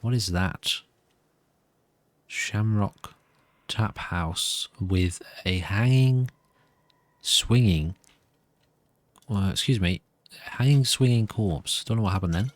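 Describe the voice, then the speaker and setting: A man's voice: fairly low pitch, takes it slowly, pauses often, no room sound. A nervous man giving rambling, self-amused commentary while playing a video game. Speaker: gameplay commentator.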